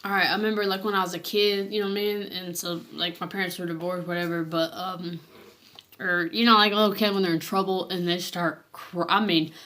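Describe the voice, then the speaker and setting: Earnest, halting woman with a lowish voice. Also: a bit bright. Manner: halting and earnest, with many restarts and fillers. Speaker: vlogger sharing her faith testimony. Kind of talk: casual personal testimony, reading from her journal.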